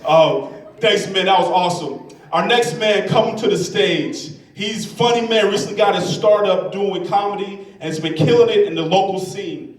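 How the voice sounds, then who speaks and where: A man's voice: high voice, normal speed. A man hosting a comedy show who brings on the next act and hypes him up. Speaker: show host. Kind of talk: introducing acts on stage. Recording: roomy hall from a distance.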